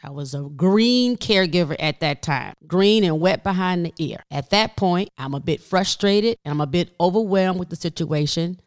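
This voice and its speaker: A woman comedian hosting a podcast, telling stories in an animated, folksy way and talking straight to her listeners. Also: lowish voice, moderate pace, few pauses, no echo, clean studio sound. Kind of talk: storytelling podcast.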